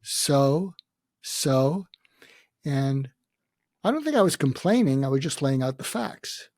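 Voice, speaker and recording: Older man with a gravelly voice. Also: mid-range voice, big pitch swings, takes it slowly, darkish tone, dry recording, studio quality. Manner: reflective, with many hesitations and quoted dialogue. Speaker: podcast guest. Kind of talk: storytelling in a conversation.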